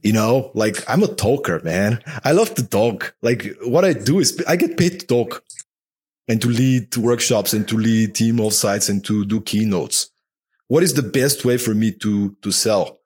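A talkative, animated man speaking as a podcast guest in casual interview talk, often dropping "man" into his sentences. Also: fairly low pitch, a little slow, slightly rough.

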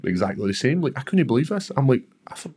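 A man's voice: medium pitch, sing-song, quick pace, a little mellow, husky. A Scottish man in his thirties, a fighter chatting casually, swearing a lot and acting out voices in his stories. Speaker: UFC fighter, guest. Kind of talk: casual chat.

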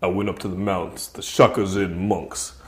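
A man's voice: low voice, little pitch movement, normal speed, a little hiss or hum, pitched below the performer's own voice, close to an everyday voice. A man voicing a washed-up male rollerball champion turned mystic hero, speaking in a solemn, self-important way. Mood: solemn boastful.

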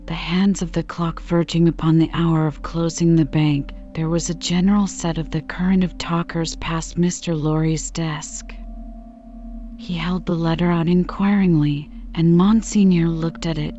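Lady reading an old novel aloud, low mellow voice, kinda muffled recording. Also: flat delivery, normal speed. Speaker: audiobook reader. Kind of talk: audiobook narration. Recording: dull lo-fi recording with faint music.

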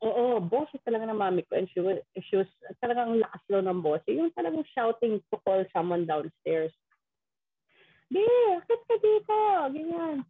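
A woman's voice: mid-range voice, expressive, fairly quick, few pauses, breathy edge, no echo. A middle-aged Filipino woman in casual chat, mixing English and Tagalog as she tells a ghost story and acts out quoted voices. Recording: tinny phone-like line.

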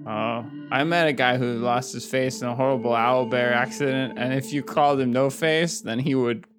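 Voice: mid-range voice, fairly even intonation, music in the background. A player in a tabletop game, talking in a playful, jokey way. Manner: playful, jokey, quick to laugh. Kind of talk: joking tabletop game chat.

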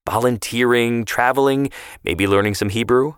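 A man reading the part of a sharp-tongued, affectionate grandfather in a story, in plain banter. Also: medium pitch, moderate pace, clean tone, dry recording, studio quality, voice pushed up, natural voice. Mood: teasing. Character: feisty, teasing grandfather, older man.

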